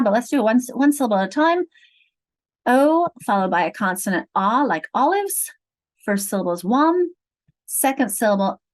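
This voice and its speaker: A middle-aged woman leading an online teacher training on reading, explaining each step in a clear, patient teacherly way over a video call. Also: medium pitch, low-quality recording. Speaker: literacy trainer.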